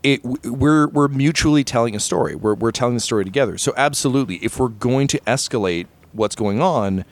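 On a podcast, a man acting as game master chats casually and tells stories animatedly, performing lots of quoted voices. His mid-range voice moves a little fast with hardly any pauses.

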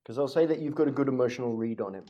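A man running a tabletop game with a mellow, darkish voice. He narrates in a relaxed way, with a dry, wry humour. His pitch sits at an ordinary middle level. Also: racing, muffled recording. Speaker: game master.

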